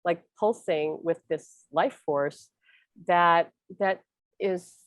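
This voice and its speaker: Host type, middle-aged woman, lowish voice, earnest and rambly, dry close sound. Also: slow, no echo. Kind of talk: casual spiritual chat.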